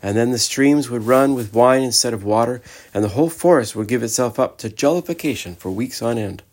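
A man narrating a storybook in a measured, expressive way. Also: mid-range voice. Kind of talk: storybook reading.

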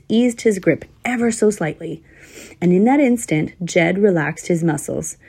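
A woman reading a children's story aloud in a low, gravelly voice with a husky, breathy grain. She narrates steadily and slips in wry, dry asides to the listener. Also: darkish tone.

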